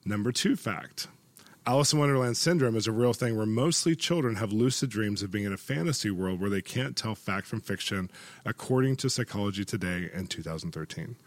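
A man's voice: lowish voice, expressive, a little fast, dry recording. A man hosting a lighthearted interview, teasing his guest with quiz questions and laughing often. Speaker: interview host. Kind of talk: playful interview chat.

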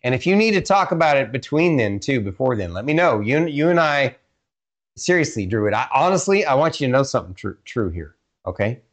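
A man's voice: medium pitch, sing-song, a little fast. A man from Texas co-hosting a casual podcast chat, chatty and prone to restarts. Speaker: podcast co-host.

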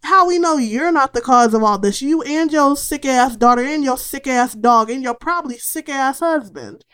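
Woman voicing a high-pitched, indignant man tenant, accusing and loud. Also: normal speed. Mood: outraged. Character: outraged adult male tenant.

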